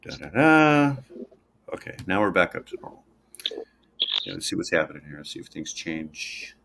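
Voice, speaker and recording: A man's voice: deep voice, steady tone, creaky, sharp tone. A man hosting a live stream, chatting casually and muttering to himself as he clicks through screens. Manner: rambling, halting, talks to himself while clicking around. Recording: noisy home stream audio.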